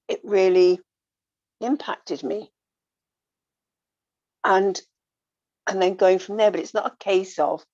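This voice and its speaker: A woman talking earnestly in a casual reflective way, coaching gently and repeating her phrases. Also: lowish voice, dry recording. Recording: dull lo-fi dry sound.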